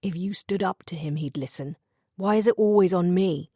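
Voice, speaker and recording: A woman's voice: fairly low pitch, normal speed, mellow, breathy edge, no room sound, clean studio sound. A woman voicing an angry, resentful teenage boy in an audiobook, speaking in a bitter, clipped way.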